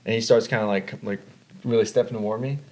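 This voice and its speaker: A young man hosting a podcast, telling a story in casual chat, animated, repeating himself and swearing. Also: lowish voice, quick pace, poor audio. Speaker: podcast host.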